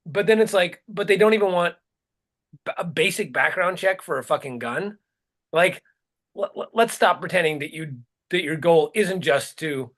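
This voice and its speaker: A man's voice: on the high side, fairly bright tone. A man co-hosting a podcast, ranting in a heated, profane, rambling way. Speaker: podcast co-host. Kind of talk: casual chat, ranting.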